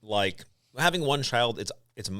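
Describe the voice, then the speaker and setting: A man's voice: mid-range voice, measured pace, no echo, clean studio sound. A man in his thirties co-hosting a podcast, telling jokey stories in casual chat. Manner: animated storyteller, jokey. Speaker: podcast co-host and board operator.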